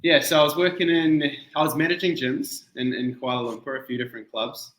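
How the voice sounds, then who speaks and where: A man's voice: on the high side, brisk, roomy sound, rough recording. A man in his thirties with a mixed New Zealand and Malaysian accent, a guest chatting casually in an interview and using friendly slang. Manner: relaxed, laughs easily, friendly slang. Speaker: event founder guest. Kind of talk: casual video-call interview.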